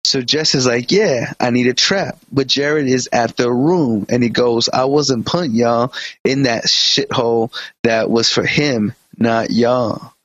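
A male podcast co-host reading a story aloud in a profane, animated way, with quick comic asides. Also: medium pitch, dry recording. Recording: dull lo-fi podcast audio.

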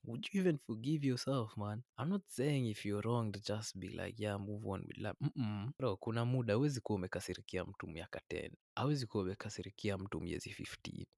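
Gravelly low man preaching. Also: expressive, brisk, few pauses, a little mellow, dry recording, clean studio sound. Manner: earnest, preachy, addresses listener as man and brother. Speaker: podcast host. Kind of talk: reflective podcast monologue. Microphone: podcast microphone.

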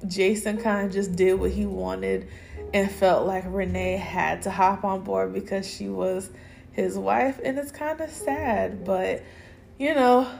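Woman podcast host doing a solo recap, gravelly fry in her voice, blunt and slangy. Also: mid-range voice, a little mellow. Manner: candid, opinionated, slangy. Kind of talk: casual solo recap chat.

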